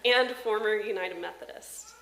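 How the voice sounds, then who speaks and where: A woman's voice: mid-range voice, normal speed, a little hiss or hum. Woman pastor preaching in an echoey church. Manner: warm personal storytelling from the pulpit. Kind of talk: sermon. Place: church sanctuary. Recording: roomy church echo.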